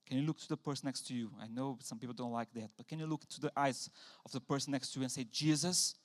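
A man preaching a sermon in a church, animated, acting out quotes with sudden loud bursts. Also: medium pitch, quick pace. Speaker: pastor.

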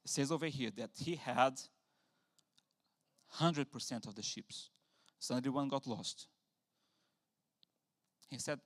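A man preaching a sermon in a church, animated, acting out quotes with sudden loud bursts. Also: medium pitch, slow pace, pauses often. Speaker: pastor.

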